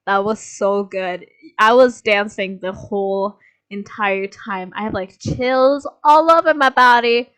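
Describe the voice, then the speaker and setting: A woman hosting a reaction video, chatting casually and gushing with excitement, swearing now and then and rambling a bit. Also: mid-range voice, unhurried, smooth, poor audio. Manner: rambling with many fillers and restarts.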